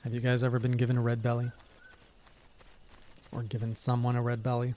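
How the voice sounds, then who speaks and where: A man streaming a game live, murmuring low-key casual asides. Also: completely flat delivery, brisk, darkish tone, slight background noise.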